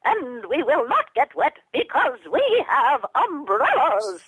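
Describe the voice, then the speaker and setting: A woman voicing a gentle puppet mother with a high, slow, lilting delivery. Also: big pitch swings, heavily acted, poor audio. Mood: sing-song. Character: gentle sing-song puppet mother, small creature.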